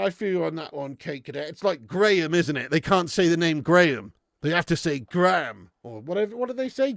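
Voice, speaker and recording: A man's voice: sits high, vocal fry, fairly bright tone, no room sound, studio quality. A man hosting a live stream, bantering with viewers in casual, sweary chat and laughing often.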